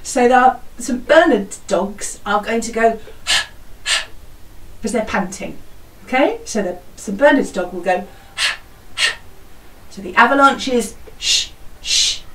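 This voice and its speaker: A woman teaching children a song, speaking slowly and clearly, singing lines and modelling the sound effects for them. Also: on the high side, expressive, fairly bright tone, echoey room, recorded from a distance, rough recording. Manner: slow, clear and encouraging, sings parts and animal sounds. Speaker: music teacher leading a school singalong.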